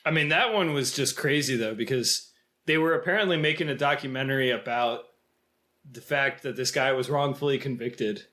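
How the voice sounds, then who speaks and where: A man's voice: medium pitch, moderate pace. A man co-hosting a film podcast, chatting casually and explaining his takes with animation. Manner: animated, storytelling, acts out quotes. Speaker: podcast co-host.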